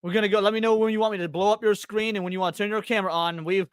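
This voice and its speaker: A man's voice: high-pitched, fairly even intonation, very fast, clean tone, no echo, studio quality. A man hosting a casual stream panel, often stammering and repeating words as he starts. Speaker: stream host.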